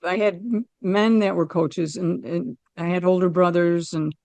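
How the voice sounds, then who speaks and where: A middle-aged woman recounting a personal near-death and family story in an interview, earnest and animated, acting out the dialogue. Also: fairly low pitch, unhurried, no room sound. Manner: vivid, emotional retelling of a family loss. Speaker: guest sharing a near-death experience.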